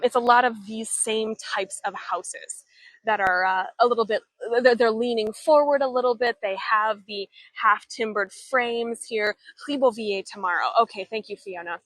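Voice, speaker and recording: A woman's voice: on the high side, fairly bright tone, dry recording. A woman chatting casually as she leads a live-streamed walking tour outdoors in an old town, talking to viewers' comments while holding her camera. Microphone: handheld camera or phone she turns while walking.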